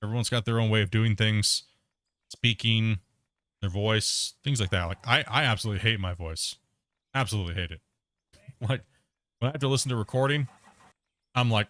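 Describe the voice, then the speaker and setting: A man hosts a live gaming stream, chatting in a rambling, laid-back way, laughing at himself and tossing out "bro" and "you know what I mean." His lowish voice sounds pushed and bright, moving a little fast with long pauses, and there's no room sound.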